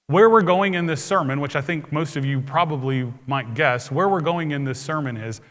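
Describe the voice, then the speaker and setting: Male pastor, sermon delivery, conversational and explanatory; bright, slightly high voice with long church reverb. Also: normal speed. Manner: conversational, explaining scripture plainly. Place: church sanctuary.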